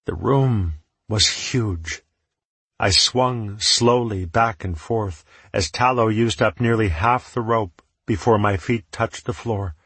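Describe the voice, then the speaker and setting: A male audiobook narrator with a low, husky voice, telling a first-person story in an even, measured way. The recording is dry and close. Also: dry recording.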